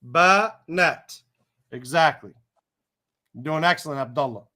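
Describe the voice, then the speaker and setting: Slow, patient man teaching. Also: sits high, a bit bright. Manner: patient, encouraging, slow and careful. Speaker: Arabic teacher. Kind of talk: one-on-one tutoring lesson.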